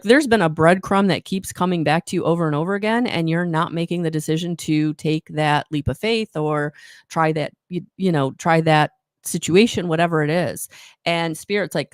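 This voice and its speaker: An intuitive card reader leads a live oracle reading in a voice that sits low, and the clean studio recording has no echo. She rambles, offers encouragement, and regularly corrects herself mid-sentence.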